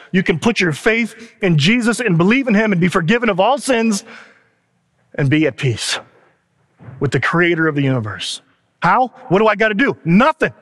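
Animated preaching man in a big hall. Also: high-pitched. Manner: animated, conversational, retells a film scene with quoted lines. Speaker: pastor. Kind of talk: sermon.

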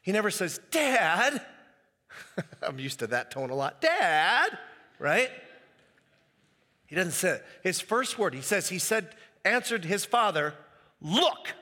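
A man preaching a sermon as pastor, animated and acting out the quoted voices. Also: high voice, unhurried, long pauses, long reverb tail.

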